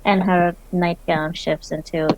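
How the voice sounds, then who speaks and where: A woman's voice: lowish voice, level tone, unhurried, noisy background. A woman playing a tabletop game, describing her character's actions playfully. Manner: playful, slips into character voices. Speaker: player.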